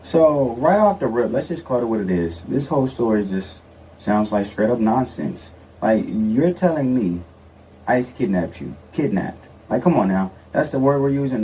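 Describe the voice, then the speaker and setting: A man's voice: mid-range voice, dark tone. A man giving blunt, sarcastic opinion commentary, stressing his points emphatically. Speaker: political commentator. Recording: distant mic with faint noise.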